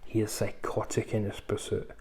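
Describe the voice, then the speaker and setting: A man's voice: fairly low pitch, completely flat delivery, moderate pace, a little mellow. A man reviewing films in a casual, rambling way, full of ums and asides. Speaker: film reviewer. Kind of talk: casual film review chat.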